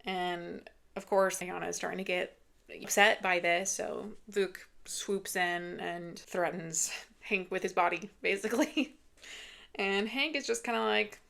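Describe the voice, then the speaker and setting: A woman's voice: fairly low pitch, fairly even intonation, unhurried, creaky, a bit bright. A woman giving a casual, chatty book review rant, retelling the story with lots of "like" and acting out the lines.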